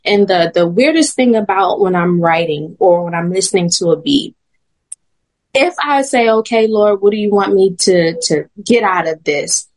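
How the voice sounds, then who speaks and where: A woman guest sharing a personal faith testimony in animated storytelling that is often broken by laughter. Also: mid-range voice. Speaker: podcast guest.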